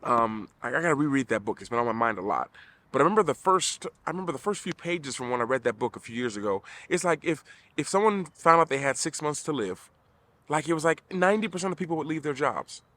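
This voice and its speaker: Male vlogger, middle-aged, slightly high voice, emphatic motivational delivery to camera. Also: lively intonation, quick pace, fairly bright tone. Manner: earnest, repetitive restarts, emphatic.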